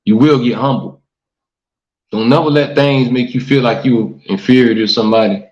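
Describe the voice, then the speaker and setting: Speaking at a moderate pace, the man has a medium-pitched voice with a darkish tone. He hosts an easygoing livestream talk show, reading comments and sermonizing earnestly to viewers, and "man" and "y'all" come up often. The audio is dull lo-fi stream sound from a livestream mic in an echoey room.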